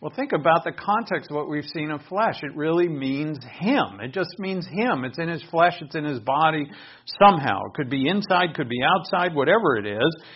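A man's voice: a little high, lively intonation, normal speed, husky. A man preaching a sermon in an earnest, explanatory way, asking his listeners questions. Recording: dull lo-fi recording.

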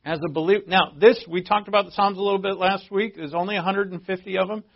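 A man delivers a sermon in a relaxed, conversational way, reading passages aloud and pushing up into emphatic bursts. His voice sits a little high and carries a gravelly edge. The recording sounds dull and lo-fi. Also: fast talker. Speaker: pastor.

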